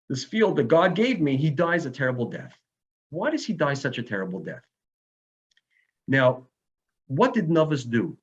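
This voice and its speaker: A man preaches a sermon as a rabbi, his voice pitched somewhat high. He tells stories with mounting emotion and sudden emphatic peaks. The recording is dull and lo-fi. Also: husky. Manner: emotional storytelling with rising emphasis and Hebrew phrases.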